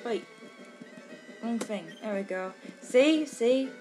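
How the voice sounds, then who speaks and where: A woman's voice: a little high, lively intonation, slow pace, a little mellow, faint music behind. A woman doing casual let's-play commentary, rambling and giggly, with lots of fillers and casual swearing.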